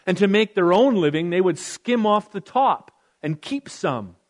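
A pastor preaching a conversational sermon, reading scripture aloud with casual asides. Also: male voice, sits high, animated, a little slow.

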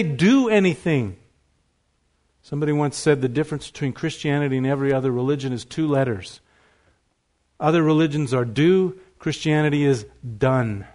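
Male pastor, earnest sermon delivery, voice sits a bit high, builds in force at key points. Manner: earnest preaching, swells louder at key points.

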